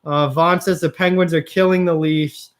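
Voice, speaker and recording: A man's voice: fairly high pitch, steady tone, moderate pace. A young man hosting a live hockey reaction stream, reading viewer comments aloud and talking frustratedly about his bad game predictions. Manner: chatty, reads and answers viewer comments, frustrated about picks.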